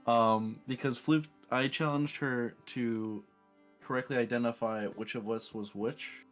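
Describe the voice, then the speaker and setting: A man playing a tabletop game, explaining his plan in a relaxed, chatty way. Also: mid-range voice, measured pace, faint music behind. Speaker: player. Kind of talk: casual tabletop play.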